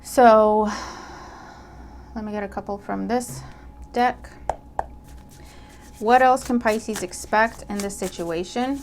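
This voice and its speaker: A woman reads tarot cards for her audience in a casual, animated voice at a middle pitch. She checks in often and repeats her points. A faint hiss sits under her voice. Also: slow pace, gravelly, long pauses. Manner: animated, acts out imagined dialogue; checks in with listener, repeats herself. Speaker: tarot reader. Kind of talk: casual tarot reading to camera.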